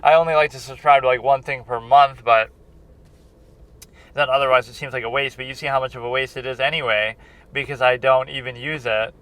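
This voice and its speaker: A man's voice: medium pitch, steady tone, a little fast, a bit bright, dry recording. A man and film critic chatting in a rambling, casual vlog, often restarting his sentences, recorded on a handheld recorder outdoors. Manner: meandering, many restarts and fillers.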